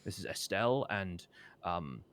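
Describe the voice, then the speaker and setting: A man's voice: sits low, big pitch swings, a bit bright, heavily acted. A man voicing a flustered male orc town official who speaks formally and keeps stumbling over his words. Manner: halting, formal, full of restarts.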